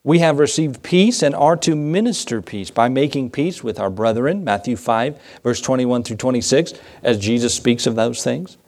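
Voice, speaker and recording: A man's voice: moderate pace, few pauses. A man preaches with a mid-range voice, reading verses in old-fashioned wording. He asks the listeners rhetorical questions, and his voice climbs when he stresses a point. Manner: reads scripture in King James wording, rhetorical questions; animated, rising pitch when emphasizing. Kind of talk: sermon.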